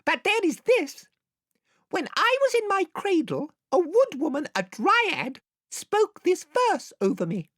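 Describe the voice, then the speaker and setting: A man reading aloud and voicing a brave, courtly talking mouse knight in a slow, solemn, formal recital. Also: very high voice, big pitch swings, fairly bright tone, dry recording, clean studio sound, voice pushed up, exaggerated voice.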